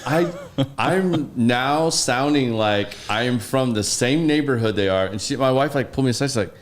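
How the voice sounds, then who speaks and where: Animated man spinning anecdotes in a loose podcast chat, average pitch. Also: moderate pace, a little hiss or hum. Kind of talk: casual podcast conversation.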